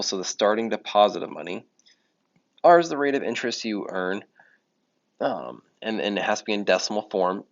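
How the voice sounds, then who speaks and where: Male math teacher, low gravelly voice, relaxed self-correcting explainer, muffled recording. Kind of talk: recorded classroom lesson. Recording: dull lo-fi audio.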